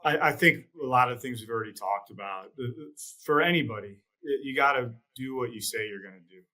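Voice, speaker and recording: A man as an interview guest, talking in a measured, plain-spoken way and repeating words as he thinks. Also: medium pitch, pushed and bright, poor audio. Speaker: guest, trading executive. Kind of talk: casual interview chat.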